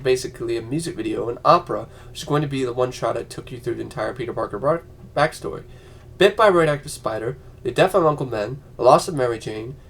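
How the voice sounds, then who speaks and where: A man ranting on a vlog, profane and heated, slipping into mocking voices. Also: mid-range voice. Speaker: vlogger.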